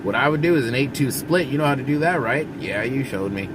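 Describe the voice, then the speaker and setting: A man's voice: a little high, quick pace, background noise. A man who drives trucks, giving blunt, folksy advice straight to his viewers from inside his truck cab. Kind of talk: casual advice monologue.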